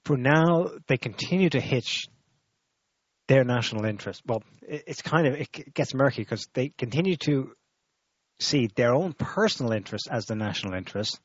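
A man in casual political chat, speaking in a measured, hesitant way with ums and repeats. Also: medium pitch, expressive, husky, no echo, dull audio.

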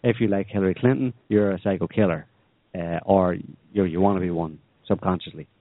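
A man's voice: deep voice, a little fast, no room sound. A man co-hosting a podcast, ranting sardonically about politics and the economy, rambling with many restarts. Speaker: podcast co-host. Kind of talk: opinionated political chat. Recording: tinny phone-like sound.

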